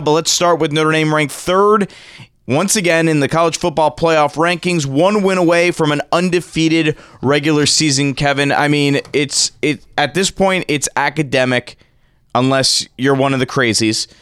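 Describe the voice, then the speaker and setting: A man hosting a sports radio show from a studio, energetic and rattling off stats and rankings. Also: fairly high pitch, clean tone, dry recording. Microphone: studio microphone.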